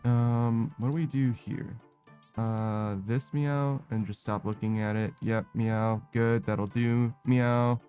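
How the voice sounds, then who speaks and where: A young man streaming a game, chatting casually and rambling, ending nearly every phrase with a quick "meow" and swearing now and then. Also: fairly low pitch, level tone, warm tone, soft background music. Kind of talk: casual gaming stream chat.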